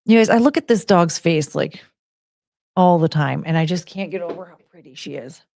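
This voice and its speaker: A woman's voice: fairly low pitch, animated, moderate pace, creaky, mellow, no echo. Chatty woman cooing at her dogs. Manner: laughs often and trails off mid-sentence. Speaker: streamer hosting her own show. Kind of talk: casual chat with viewers.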